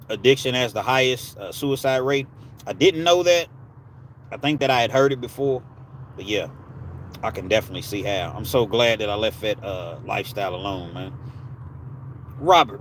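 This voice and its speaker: Speaking at a medium pitch with lively intonation, this livestream host chats easily with his viewers and spins stories in relaxed street slang. His pace is moderate with frequent pauses, his tone a bit bright, and there's a little hiss or hum in the recording.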